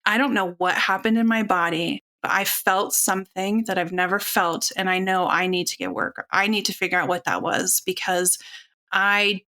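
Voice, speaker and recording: A woman in her forties speaking openly and earnestly as a podcast guest, telling a personal story in a relaxed, conversational way. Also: medium pitch, normal speed. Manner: open, earnest, conversational with fillers. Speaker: podcast guest, functional nutritionist.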